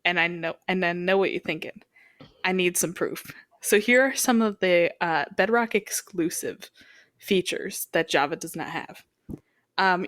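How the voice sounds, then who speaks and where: Relaxed young woman in a dry recording. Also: on the low side, dry recording. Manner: relaxed, filler-heavy explaining with giggles. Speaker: podcast co-host. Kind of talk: casual chat.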